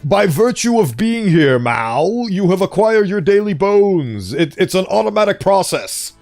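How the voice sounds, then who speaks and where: Man streaming, playful chat, lively pitch, a bit high, faint music behind. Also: unhurried, creaky. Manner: playful, laughs often, greets chat. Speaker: streamer reading stories. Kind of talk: casual live-stream chat.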